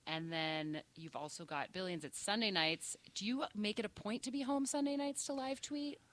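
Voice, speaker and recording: A woman's voice: mid-range voice, moderate pace, a bit bright. A woman hosting a casual interview, chatty and playful, laughing often as she asks her questions. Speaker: interviewer, host.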